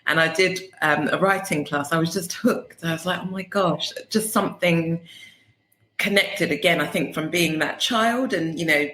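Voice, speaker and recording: A woman's voice: low-pitched, normal speed, bright, forceful tone, echoey room. A woman, a debut novelist, chatting as a guest on a podcast, thoughtful and full of fillers. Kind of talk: casual interview.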